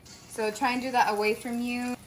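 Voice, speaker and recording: A woman's voice: fairly high pitch, level tone, normal speed, rough recording. A young woman co-hosting a casual home cooking show, upbeat and talking straight to the viewers. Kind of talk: casual cooking demonstration and chat. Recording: faint room noise.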